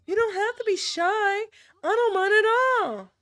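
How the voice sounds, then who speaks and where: A woman voicing a clingy, playful young female soldier in a visual novel, with a pushy, bright tone. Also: measured pace, no room sound. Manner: pushy, playful and high-pitched.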